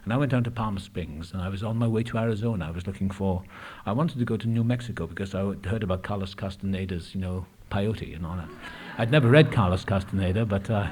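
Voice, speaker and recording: A man's voice: deep voice, fast, few pauses, a little mellow, slight background noise. A man telling his recovery story at a meeting, candid and reflective, with frequent hesitations. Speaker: AA speaker. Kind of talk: personal recovery talk. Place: meeting room.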